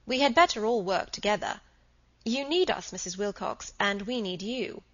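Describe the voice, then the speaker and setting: A woman voicing a young Edwardian doctor, a man who talks in a smooth, persuasive way in a storybook reading. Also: mid-range voice, animated, moderate pace, fairly bright tone. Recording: slightly dull recording.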